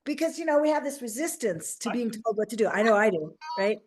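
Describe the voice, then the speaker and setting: Woman coach chatting, lively, slips into silly voices, voice on the high side. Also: fast, slight background noise. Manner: animated, acts out little quoted voices. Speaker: host and life coach. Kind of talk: casual interview chat.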